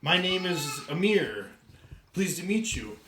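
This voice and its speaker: A man voicing a tall, charming, mysterious stranger, speaking low and hushed with earnest sincerity, in an echoey room. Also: very animated, unhurried, a little hiss or hum, full character voice. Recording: roomy echo.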